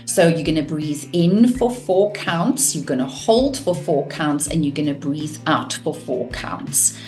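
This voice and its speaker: A woman teaching a course on communication, calm and measured, showing vocal techniques. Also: low voice, faint music behind. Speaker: communication coach.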